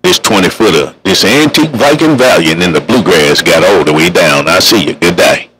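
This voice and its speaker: A man's voice: deep voice, animated, normal speed, a bit bright, slight background noise, poor audio. Folksy man on CB radio. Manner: folksy, drawling radio banter. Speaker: CB radio operator. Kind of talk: casual radio chat. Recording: heard over CB radio.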